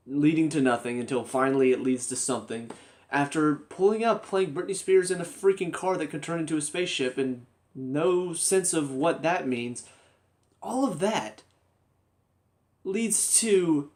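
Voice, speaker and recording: A man's voice: on the high side, darkish tone. Exasperated young man ranting a review. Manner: exasperated, sarcastic, repetitive ranting. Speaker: TV show reviewer.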